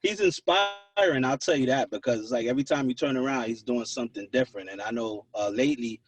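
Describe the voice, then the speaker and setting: A man's voice: medium pitch, quick pace, breathy edge, far from the mic. A man from New City, a DJ guest on a radio show chatting casually and hesitantly, restarting phrases as he thinks. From New York City. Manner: hesitant, repeats words while thinking. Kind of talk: casual interview chat.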